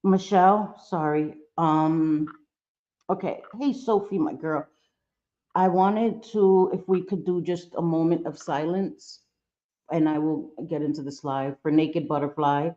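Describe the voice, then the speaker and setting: Woman streamer, low mellow voice, chatty and apologetic, dull lo-fi mic. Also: steady tone. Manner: warm greetings, apologetic, halting with fillers. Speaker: live-stream host. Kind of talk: casual live-stream chat.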